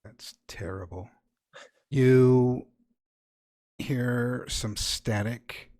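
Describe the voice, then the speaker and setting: A man's voice: medium pitch, extremely slow, a little mellow. A man narrating as game master of a tabletop horror game, improvising scenes with wry, playful asides.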